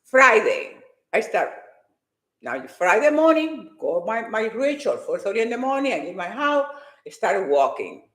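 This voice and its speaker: A woman and fitness competitor giving an emotional, animated personal faith testimony. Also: a little high, normal speed, echoey room.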